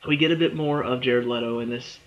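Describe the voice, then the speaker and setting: A young man chats his way through a movie trailer review in a loose, rambling style, stopping and restarting his thoughts. He sounds a bit tired, and his voice sits at an ordinary middle pitch. The recording is dull and lo-fi. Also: steady tone, brisk. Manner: rambling and chatty, with frequent fillers, restarts and little laughs. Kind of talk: casual spoken review.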